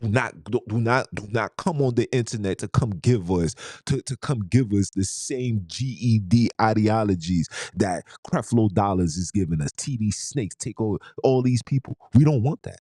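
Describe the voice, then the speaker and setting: A man with a very low, dark voice rants through a fired-up podcast monologue. He fires off rhetorical questions one after another and drops streetwise slang as he preaches, in a dry, close sound. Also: expressive, normal speed, few pauses, no room sound. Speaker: podcast host. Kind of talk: impassioned monologue.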